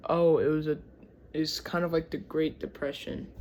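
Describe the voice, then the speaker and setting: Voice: mid-range voice, little pitch movement, normal speed, darkish tone, slight background noise. A speaker from Michigan with a Michigan accent, reading history aloud and breaking off into chatty asides, often stumbling over words. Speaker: channel host.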